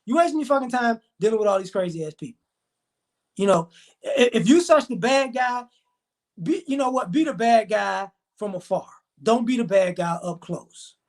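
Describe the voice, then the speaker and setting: A man's voice: sits high, lively intonation. A man ranting as he tells a story, swearing often and acting out the dialogue of the people in it. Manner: profane, heated, fast retelling with quoted dialogue. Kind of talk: storytelling rant to camera.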